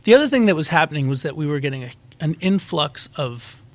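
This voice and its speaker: A man's voice: fairly high pitch, sing-song, fast, a bit bright, no room sound. A man in his forties, a guest musician, telling a personal story in a candid, reflective way during a conversational interview.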